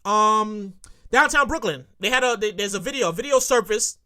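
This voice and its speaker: A podcast host with a New York accent, ranting solo in a comedic way, who gets excited, repeats phrases and swears freely. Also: mid-range voice, normal speed.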